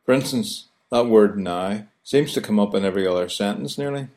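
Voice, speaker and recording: Low-voiced Belfast man explaining. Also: brisk, hardly any pauses, darkish tone. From Northern Ireland. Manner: wry, chatty, illustrative. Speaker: presenter. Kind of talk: scripted explainer on local speech.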